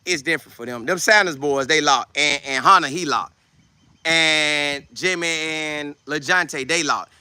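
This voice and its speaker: A man in his twenties, hosting a casual football show, talking loudly and boastfully with lots of energy. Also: fairly high pitch, a little slow, smooth, dry recording. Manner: loud, trash-talking, animated. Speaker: show host, football player. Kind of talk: casual livestream chat.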